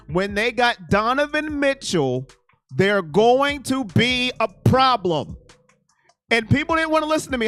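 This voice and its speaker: On a casual live sports stream, a man reads out chat comments and rants excitedly, at times shouting before falling to a mumble. His voice is extremely high, clear and resonant, recorded dry.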